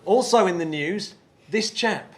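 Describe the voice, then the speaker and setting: A man's voice: high voice, measured pace. A man from England hosting a live podcast on stage, chatty and enthusiastic, often laughing. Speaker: podcast host.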